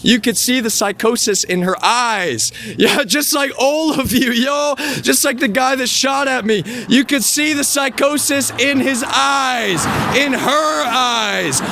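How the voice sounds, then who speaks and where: A young man ranting angrily at his viewers, swearing, shouting and laughing bitterly. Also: extremely high pitch, gravelly, noisy background. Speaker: vlogger. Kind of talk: angry rant to viewers.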